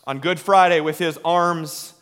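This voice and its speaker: A man preaching a sermon in a slow, dramatic way, dropping to a hush and swelling again. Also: fairly high pitch, steady tone. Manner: slow, dramatic delivery with hushed drops and swells. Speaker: pastor. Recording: long hall reverb.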